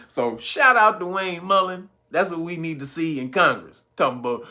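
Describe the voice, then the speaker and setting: Male podcast host, high and sharp-toned, crude comic rant full of laughs. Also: animated, unhurried. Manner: laughing often, acting out quotes loudly. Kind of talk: profane comedic commentary.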